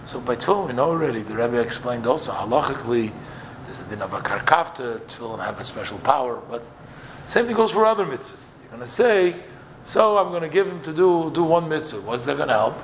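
Man, gravelly voice, Torah teacher, walks through texts step by step, faint ambience behind. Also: mid-range voice, lively intonation, fairly quick, a little hiss or hum. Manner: explains texts step by step, quoting and translating. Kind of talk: Torah class.

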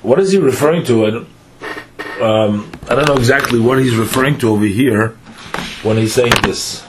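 A man of middle pitch leads a verse-by-verse Torah lesson, reading each phrase in before translating it. He explains in plain English, pausing on fillers and restarting sentences as he thinks. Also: noisy background. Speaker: Torah teacher.

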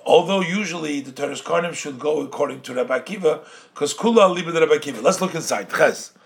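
A man's voice: on the high side, fast talker, creaky. Man giving a Torah study lesson. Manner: mixes English with Yiddish and Hebrew terms, sing-song study cadence; explains by translating phrases, then restating them. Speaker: Torah teacher. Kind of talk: Talmudic-style study lesson.

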